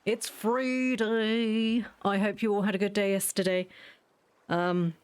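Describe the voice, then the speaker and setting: A woman's voice: medium pitch, level tone, slow pace, clean tone, no room sound. A woman streaming a game, chatting casually with viewers in a giggly, self-mocking way.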